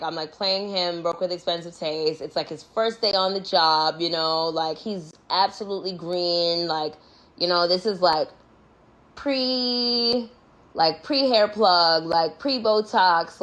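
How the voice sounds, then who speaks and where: A woman's voice: fairly low pitch, low-quality recording. A woman talking in a casual, rambling monologue, blunt and profane, packed with filler words. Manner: blunt and candid. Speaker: musician on a livestream.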